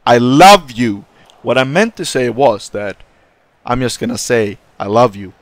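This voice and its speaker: Man, gaming commentary, rambling, joking, swears a lot, shouts at the game. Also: medium pitch, moderate pace, dry recording. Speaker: gaming YouTuber. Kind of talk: casual gameplay commentary.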